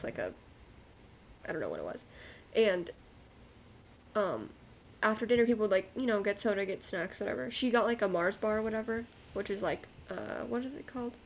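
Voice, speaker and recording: Woman, casual podcast chat, digressive storyteller, light background hiss. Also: mid-range voice. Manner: chatty, digressive storytelling with fillers. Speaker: podcast co-host.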